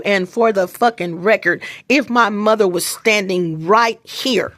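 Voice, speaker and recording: A woman's voice: medium pitch, a little slow, few pauses, fairly bright tone, dry recording, clean studio sound. A woman vlogging to her phone in a loose, rambling monologue, emphatic and profane, with many restarts and asides.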